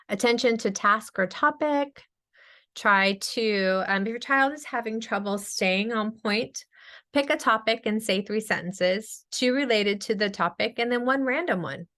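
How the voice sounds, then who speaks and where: Fast-talking, chatty woman speech therapist. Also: medium pitch. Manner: fast, energetic, chatty with many fillers. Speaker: speech-language pathologist presenter. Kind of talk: webinar presentation.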